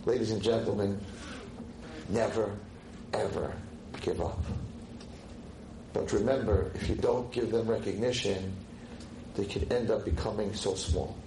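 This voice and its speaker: A man's voice: a little slow, pauses often. A man giving an inspirational lecture as a rabbi, telling a story and animatedly acting out the dialogue. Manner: animated, acts out dialogue with big pitch jumps. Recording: echoey lecture hall, faint noise.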